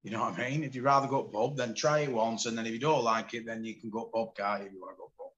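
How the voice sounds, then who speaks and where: A man in his forties from the UK, a podcast guest telling his story in candid, animated casual conversation. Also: medium pitch, fast talker, highs cut off. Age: 40s.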